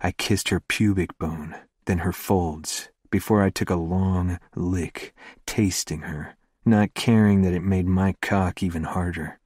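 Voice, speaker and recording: A man narrating a first-person romance audiobook in a slow, hushed, intimate delivery. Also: low-pitched, fairly even intonation, husky, dry recording, studio quality.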